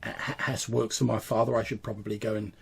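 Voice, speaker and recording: A man's voice: on the low side, level tone, fast talker, vocal fry, slightly rough, heavily acted. A man voicing a flustered young noblewoman who stammers and trips over her words. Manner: stammering, breathless.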